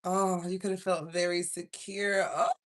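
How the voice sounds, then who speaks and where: A woman with a Southern US accent, chatting casually through a live tarot reading from home, slangy and quick to laugh. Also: lowish voice, flat delivery, a little hiss or hum. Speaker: tarot reader.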